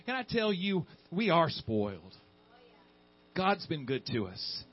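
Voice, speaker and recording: A man's voice: on the high side, huge pitch swings, takes it slowly. A male preacher delivering a fervent sermon, repeating phrases and calling out "Amen" to the congregation. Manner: fervent, repetitive, calls out "Amen". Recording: dull, muffled sermon recording.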